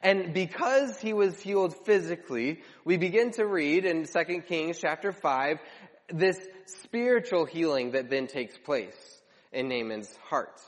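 A man delivers a sermon in a fairly high voice, retelling scripture as lively storytelling with repeated phrases and animated quoted lines. His voice rings out with a long reverb, as in a large church hall. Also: unhurried. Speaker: preacher.

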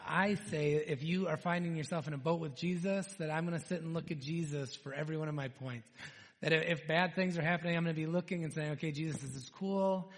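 A man delivers a sermon, retelling scripture with lively storytelling that sinks to near-hushed tones on the key moments. His voice sits a little high for a man. A long reverb trails every phrase, the sound of a large hall. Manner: animated storytelling, dropping to hushed tones for emphasis. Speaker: preacher.

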